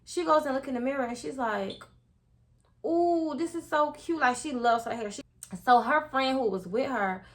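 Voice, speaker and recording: A woman's voice: fairly high pitch, brisk. A young woman telling a casual storytime to her viewers, chatty and full of slang, talking straight to the audience.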